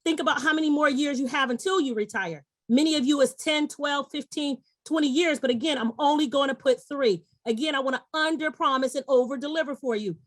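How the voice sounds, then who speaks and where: A middle-aged woman with a high, upbeat voice pitches an investment to a webinar audience, coaxing them directly. She speaks over a video call with a dry, close sound and no room echo. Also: brisk, few pauses. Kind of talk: persuasive sales pitch.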